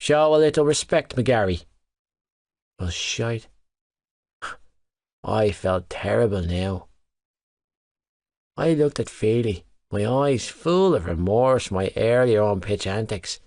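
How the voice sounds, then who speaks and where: A man narrating a novel in the first person in an even, measured storytelling voice, close to a studio microphone. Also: fairly low pitch, no echo. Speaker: audiobook narrator.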